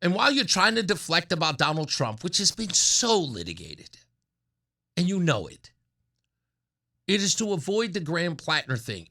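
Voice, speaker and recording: A middle-aged man holds forth on his talk radio show in a high, bright voice that swoops up and down. He mocks opponents with sarcasm and drops into whiny put-on voices to ridicule them. His delivery is animated and opinionated.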